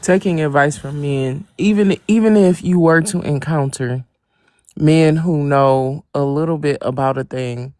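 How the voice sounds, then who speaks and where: A man taking part in an online panel discussion, explaining his point in a measured way. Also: a little high, a little mellow, no echo, studio quality. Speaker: panel participant. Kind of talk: casual discussion.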